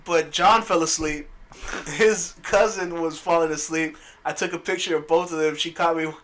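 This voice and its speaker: A man's voice: on the high side, fairly even intonation, normal speed, fairly bright tone. Profane laughing man in a podcast chat. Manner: profane, laughing, acts out movie lines. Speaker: podcast co-host. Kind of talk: casual comedic chat.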